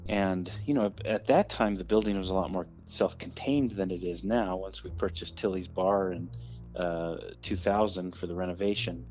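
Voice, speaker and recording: A man's voice: low-pitched, moderate pace, a little mellow, highs cut off, soft background music. A man telling a ghost story about an old theater in a casual, rambling way, with many fillers and restarts.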